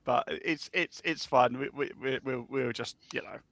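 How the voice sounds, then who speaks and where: A man's voice: medium pitch, steady tone, normal speed, vocal fry, fairly bright tone. A man running a tabletop game as game master, laid-back and easygoing. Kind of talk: casual tabletop game chat.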